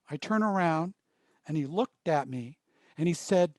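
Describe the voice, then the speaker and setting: A man leading a workshop, telling stories in short, paused phrases. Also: high voice, a little mellow, no room sound. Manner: storytelling, pausing in short phrases. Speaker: workshop trainer. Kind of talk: workshop presentation.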